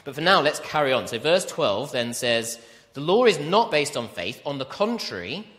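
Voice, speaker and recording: A male preacher delivers a sermon with lively, swooping pitch, pressing each point home and throwing questions out to his congregation. His voice rings with a long hall reverb. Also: normal speed. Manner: animated, emphatic, asks the congregation questions.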